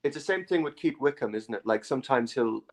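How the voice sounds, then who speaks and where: A man in casual chat on a stream, halting, repeating words and chuckling. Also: medium pitch, expressive, a loud crowd.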